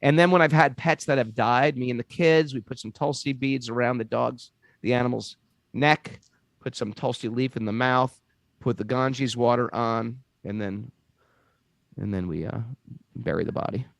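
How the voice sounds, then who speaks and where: A man's voice: medium pitch, normal speed, vocal fry, no room sound. A man telling a spiritual story in casual chat, acting out the voices of the people in it. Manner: animated, acts out voices in his stories. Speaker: co-host.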